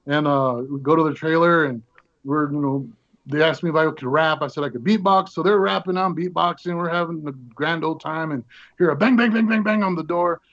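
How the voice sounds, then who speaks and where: A man guest on an interview show, telling an anecdote lively and acting out what people said. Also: on the high side, brisk, lo-fi sound. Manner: animated anecdote with acted-out quotes. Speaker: guest actor. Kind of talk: storytelling interview.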